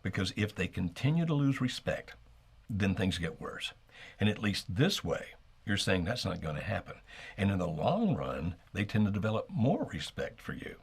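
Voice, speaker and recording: A man co-hosting a live call-in marriage advice show, calmly explaining what to do and acting out sample lines. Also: fairly low pitch, moderate pace, vocal fry, breathy edge. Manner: calm, explanatory, acts out sample dialogue. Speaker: marriage coach co-host.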